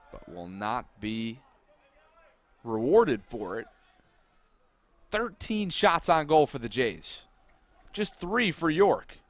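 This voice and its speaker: A man calling a soccer match live from the press box at an ordinary mid pitch. He keeps a steady, chatty flow between plays and breaks into loud, excited calls when the action peaks. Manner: energetic, builds to shouted calls on big plays. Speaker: play-by-play commentator. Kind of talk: live sports commentary.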